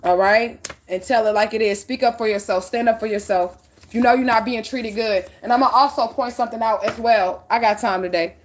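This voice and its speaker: A woman's voice: on the high side, brisk, slight background noise. A middle-aged woman giving a spiritual reading, preaching bluntly and profanely with heavy emphasis. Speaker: spiritual reader.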